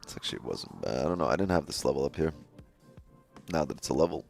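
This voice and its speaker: A man's voice: extremely low pitch, expressive, fast, creaky, faint music behind. A man hosting a live day-trading stream, chatting casually with his viewers, laughing often and swearing freely. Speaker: day-trading livestream host.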